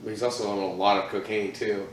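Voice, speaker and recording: A man co-hosting a podcast, telling crude stories in animated casual banter. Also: fairly low pitch, quick pace, echoey room, recorded from a distance, a little hiss or hum, low-quality recording. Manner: crude, animated storytelling, swears a lot. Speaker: podcast co-host.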